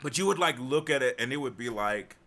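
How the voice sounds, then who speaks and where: A man's voice: medium pitch, fairly quick. A young man streaming, chatting casually and swearing freely as he jokes with his viewers. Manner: joking, animated, swears freely. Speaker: livestreamer.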